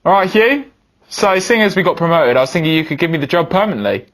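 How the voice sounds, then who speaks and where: A young man giving excitable commentary on his own football video game, swinging from low muttering to high shouting. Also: fast talker. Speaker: gaming video host.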